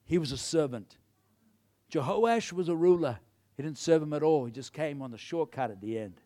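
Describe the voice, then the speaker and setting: In a sermon, a man brings a Bible story to life, voicing the characters' lines with animated storytelling. He speaks at normal speed in a fairly high voice.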